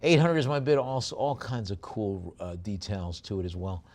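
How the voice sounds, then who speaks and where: A man's voice: lowish voice, expressive, normal speed, a little mellow. A man working as an auctioneer at a live sale, describing each lot with chatty, rambling asides and then rattling off bid calls.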